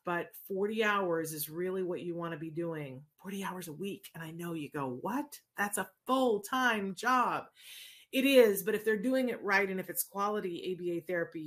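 A woman hosting a casual live chat, answering viewers in an animated, conversational way and often checking in with "right?". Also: lowish voice. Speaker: host answering viewer questions.

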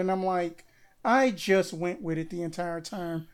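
High-voiced man, rambling casual talk. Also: fairly even intonation, measured pace, smooth. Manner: rambling, repeats "that" as filler. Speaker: podcast co-host. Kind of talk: casual chat.

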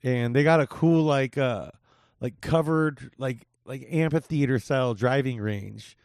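A man's voice: mid-range voice, unhurried, a little mellow, no room sound, clean studio sound. A young man hosting a podcast in casual chat, laid-back and profane, calling his guest dude. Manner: laid-back, swears a lot, says dude often. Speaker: podcast host. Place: home in Las Vegas.

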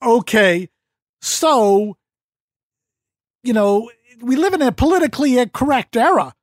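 A woman's voice: a little high, lively intonation, a little slow, dry recording, clean studio sound. A woman interviewer asking brief, prompting questions in a casual chat. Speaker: interviewer host.

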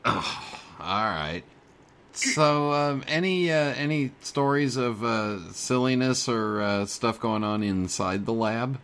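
A man's voice: medium pitch, slow, a bit bright. A man hosting a podcast interview, teasing and prompting his guest with questions. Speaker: podcast host. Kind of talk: casual interview chat.

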